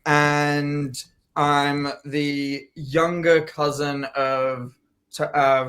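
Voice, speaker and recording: A man's voice: a little high, fairly bright tone, clean tone. A young man from Australia, an actor, chatting casually as an interview guest, loose and rambling with many fillers and restarts.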